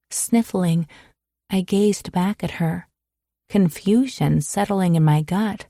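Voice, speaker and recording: A woman's voice: on the low side, slow pace, warm tone, dry recording, clean studio sound. A woman narrating a first-person romance audiobook in an emotional, intimate way.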